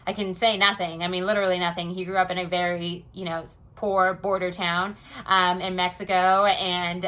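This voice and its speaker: A woman's voice: on the low side, sharp tone. A young American woman talking casually in a personal diary vlog, rambling with many "you know" and "um" fillers. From United States. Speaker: vlogger.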